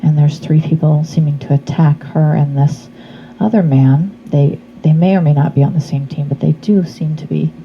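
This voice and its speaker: A slightly hoarse woman reading tarot cards in a casual vlog, talking in a chatty, meandering way that trails off into fillers. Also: sits low, fairly even intonation, moderate pace, hardly any pauses, dark tone, lo-fi sound, a little hiss or hum. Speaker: tarot reader.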